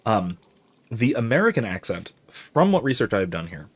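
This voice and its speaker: Husky and somewhat low, his voice carries a sing-song lilt at a moderate pace as he explains a game like a rambling lecturer. The gaming host fills his talk with fillers and false starts and pauses to read and respond to chat messages.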